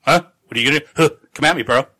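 A man's voice: mid-range voice, rapid-fire, pushed and bright. A man putting on a cocky, confrontational guy who taunts a rival during a podcast retelling. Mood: taunting. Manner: taunting, mocking.

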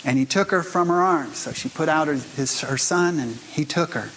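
A man with a voice on the high side gives a sermon. He tells stories in a conversational way and speaks straight to the people listening, over a faint hiss. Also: normal speed, a bit bright, low-quality recording. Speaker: pastor.

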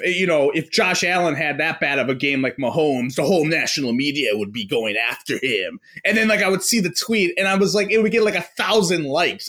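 A man's voice: on the high side, fairly bright tone. A man from New York, a podcast guest, ranting in casual chat, cursing and restarting often. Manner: ranting, profane, full of fillers and restarts.

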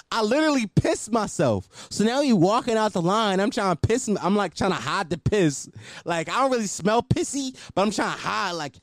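A man's voice: sits high, expressive, normal speed, dry recording, clean studio sound. A man hosting a podcast, telling a story in a casual, profane monologue and often laughing. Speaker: podcast host.

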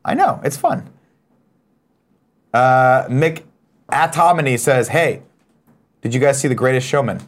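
Man, co-host, casual chat, reads comments, profane, teasing banter, mid pitch. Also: expressive, a little slow, long pauses.

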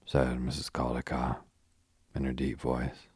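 A man reading a novel aloud as an audiobook narrator, measured and even. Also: very deep voice, slightly rough, dry recording.

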